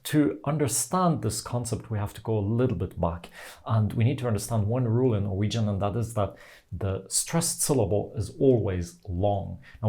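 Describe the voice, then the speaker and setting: A man teaching pronunciation, explaining patiently and sounding out example words slowly. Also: on the low side, vocal fry, warm tone. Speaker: language teacher.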